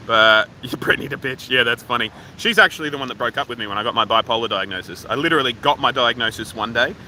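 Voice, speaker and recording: A man's voice: mid-range voice, sharp tone, slight background noise, poor audio. An Australian man livestreaming outdoors from his phone, rambling casually and swearing freely while reading viewer comments. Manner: rambling, profane, offhand. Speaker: livestream host. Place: outdoors at a waterfall park.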